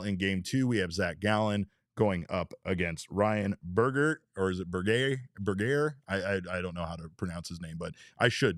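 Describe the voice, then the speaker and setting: A man hosts a casual sports podcast, his voice sitting a little low. He talks freely and reads out viewer comments, with a mild swear here and there. The sound is close and dry, with no room around it. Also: dry recording. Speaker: podcast host.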